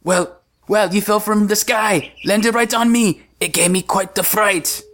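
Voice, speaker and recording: A man's voice: high voice, steady tone, measured pace, a bit bright. A man voicing a courteous, formal creature who calls her Madame. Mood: startled. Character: polite gentlemanly creature, formal and kind.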